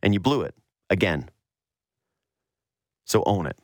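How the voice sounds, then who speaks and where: A man from the Yukon, a sports radio host, telling a long personal story in an animated, storytelling way. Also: low-pitched, unhurried, no echo, studio quality. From Yukon, Canada. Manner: animated storyteller, mocks whiny voices. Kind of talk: storytelling monologue.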